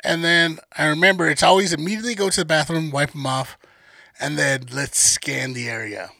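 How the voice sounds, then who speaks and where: A man's voice: a little high, fairly quick, vocal fry, bright, forceful tone, dry recording. A young man co-hosting a podcast in casual chat, joking, teasing and swearing freely. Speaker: podcast co-host.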